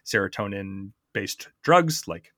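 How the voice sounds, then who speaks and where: A man's voice: lowish voice, animated, takes it slowly, fairly bright tone, dry recording, studio quality. A man hosting a podcast, explaining science in a chatty way, quizzing his co-host and often restarting his sentences.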